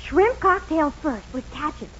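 High-voiced gushing teen girl, sing-song, chatty, 1940s radio play, muffled old broadcast. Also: expressive, a little slow, fairly bright tone. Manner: gushing, talks over others. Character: chatty, dreamy teenage girl. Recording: dull old radio broadcast with faint hiss.

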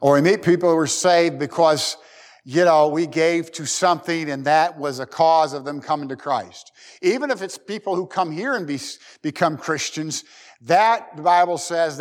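Middle-aged guy preaching, folksy and jokey, voice a bit high, keeps jumping up and down in pitch. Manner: folksy, joking preacher with lively swings in pitch and loudness. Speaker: pastor. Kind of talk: sermon.

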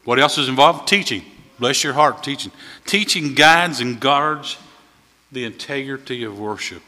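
A man's voice: medium pitch, lively intonation, a little slow. Folksy man preaching in an echoing church. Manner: folksy storytelling preacher, swells louder at key points. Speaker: visiting preacher. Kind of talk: sermon. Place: church sanctuary. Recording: long hall reverb.

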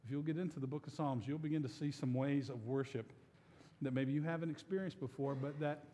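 A man preaching in a church with a loose, joking way of talking, teasing his listeners into taking part. His voice sits a little high for a man, and a long reverb trails after his words. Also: fairly even intonation, fairly quick, dark tone, slight background noise. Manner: joking, conversational, coaxing the congregation. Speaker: pastor. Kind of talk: sermon. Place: church sanctuary.

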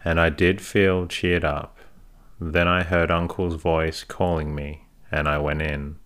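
A man narrating a first-person story as an audiobook, in a measured, unhurried way. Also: low-pitched, little pitch movement, a bit bright.

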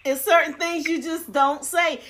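A woman's voice: extremely high pitch, steady tone, normal speed, fairly bright tone, slight background noise. A woman co-hosting a podcast, telling a story in blunt, profane casual chat. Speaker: podcast co-host.

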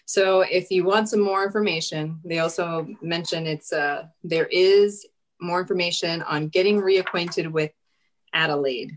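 Woman, lowish voice, casual gaming podcast, playful, outspoken. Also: steady tone, unhurried. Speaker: podcast co-host. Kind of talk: casual chat.

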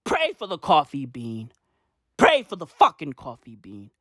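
Guy ranting and cussing nonstop, keeps repeating himself, pitch jumps all over, dry sound. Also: wildly swooping pitch, a little slow, fairly bright tone, dry recording. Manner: rambling, heavy swearing, repeats phrases. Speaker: vlogger. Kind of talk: profane comedic rant.

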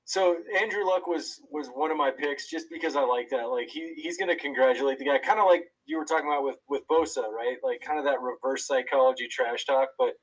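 A man's voice: mid-range voice, brisk, hardly any pauses, recorded from a distance, poor audio. A man co-hosting a podcast, talking casually and laid-back, with fillers and swearing. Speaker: podcast co-host. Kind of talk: casual sports chat.

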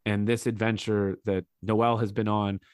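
A man's voice: on the low side, normal speed, smooth, no echo. Man recapping a TV show, dry sound. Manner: rambling, animated play-by-play retelling. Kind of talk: casual podcast recap.

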